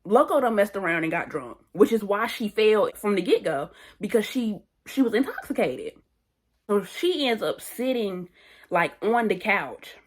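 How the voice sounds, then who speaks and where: A young woman tells a wild night-out story to her viewers in a loose, slangy way. She is animated and repeats phrases for emphasis. Her pitch sits in an ordinary middle range. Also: normal speed. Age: young adult. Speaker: vlogger. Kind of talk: casual storytime.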